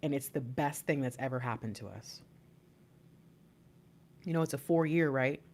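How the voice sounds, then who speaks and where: A young woman giving a live intuitive tarot reading into a plugged-in microphone, excitable and often repeating herself. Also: very deep voice, normal speed. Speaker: tarot reader.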